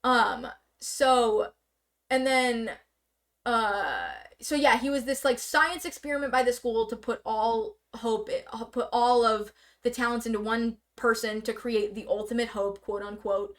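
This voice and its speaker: A woman casually explaining a story on a live stream, rambling with lots of fillers and sudden bursts of fast talk. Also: on the high side. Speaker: stream guest presenting slides. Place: streaming setup indoors.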